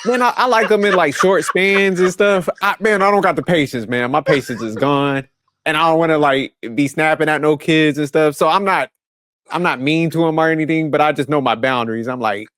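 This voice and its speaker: A man's voice: on the high side, fairly bright tone, no echo. Man, forties, blunt, profane, dry close sound. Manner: blunt and profane, laughing at himself. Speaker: podcast host. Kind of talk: casual chat.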